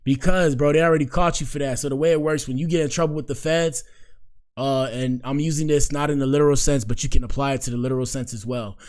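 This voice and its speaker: A young man hosts a casual live stream in a mid-range voice. He talks loose and slangy, shouting out people and reacting straight at his screen. His delivery is animated and conversational. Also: medium pitch, fast talker. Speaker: show host.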